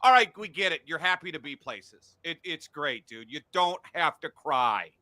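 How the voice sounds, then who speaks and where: Middle-aged man, podcast host, sharp tone, higher voice, blunt, profane, casual sports talk. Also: animated, normal speed, no room sound. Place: home studio.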